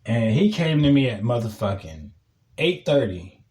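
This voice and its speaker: A man hosting a podcast, telling a casual story in a profane, animated way and breaking into loud shouting. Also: medium pitch, moderate pace. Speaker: podcast host.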